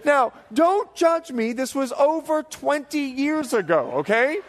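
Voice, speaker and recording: Animated high-voiced preacher in his forties. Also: a little slow. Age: 40s. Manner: animated storytelling, acts out quoted voices. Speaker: pastor. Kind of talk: sermon. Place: church hall before a live congregation.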